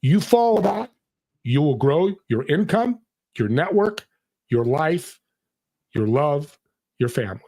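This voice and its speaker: A man's voice: on the high side, very animated, slow, long pauses, warm tone. Earnest motivational man telling a story. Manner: earnest, motivational, acts out quoted people. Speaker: podcast guest. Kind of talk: conversational storytelling.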